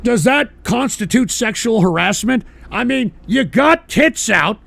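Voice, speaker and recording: Give me a gravelly male radio host on a furious, cursing rant, his pitch jumping all over. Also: lively intonation, a little slow, no echo. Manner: profane, angry, shouting bursts. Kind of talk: ranting monologue.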